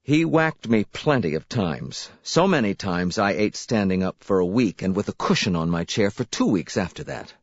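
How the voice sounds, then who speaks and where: A man reading a first-person story as an audiobook narrator, expressive and unhurried, in a slightly dull, dry recording. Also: fairly low pitch, no room sound.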